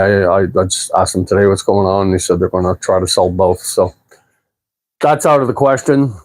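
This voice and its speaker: A man, chatting casually on a livestream, rambling and relaxed, with plenty of fillers and the odd swear word. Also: fairly low pitch. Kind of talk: casual livestream chat answering viewers. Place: apartment at home.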